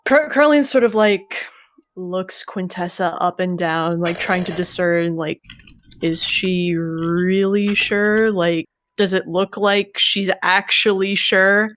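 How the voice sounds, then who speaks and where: A woman's voice: on the low side, slow, fairly bright tone, slight background noise. A woman in a tabletop role-play, describing her character's actions and scolding another character in a stern, profane voice. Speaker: player voicing Curling.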